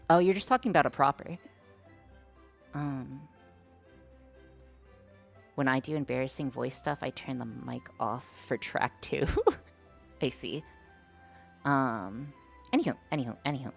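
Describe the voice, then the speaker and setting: A woman's voice: extremely low pitch, gravelly. A woman streamer chatting casually with her viewers, hesitant and self-conscious, with many fillers. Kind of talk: casual live-stream chat.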